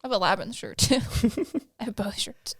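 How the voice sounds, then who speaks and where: A woman's voice: fairly high pitch, moderate pace, breathy edge. A young woman co-hosting a podcast in a casual, chatty way, peppering her talk with "like.". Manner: chatty, lots of "like". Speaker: podcast co-host. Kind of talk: casual chat.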